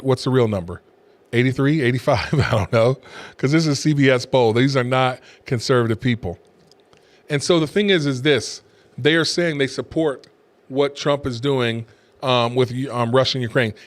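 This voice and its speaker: Emphatic man doing commentary to camera. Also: medium pitch. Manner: emphatic, repetitive, scornful asides. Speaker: pastor and show host. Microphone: camera facing speaker.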